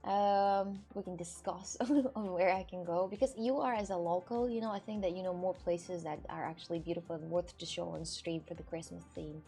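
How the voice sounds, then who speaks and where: A woman's voice: lowish voice, steady tone, moderate pace, mellow, soft background music. A woman from Russia with a Russian accent, rambling chattily in loose non-native English on a casual livestream with viewers. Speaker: streamer.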